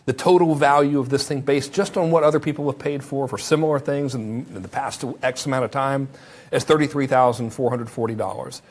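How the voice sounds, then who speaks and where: A man teaching a marketing course, who acts out sample sales pitches in a lively way. His voice is strained from talking and he stops to drink water. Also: a little fast. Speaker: marketing instructor.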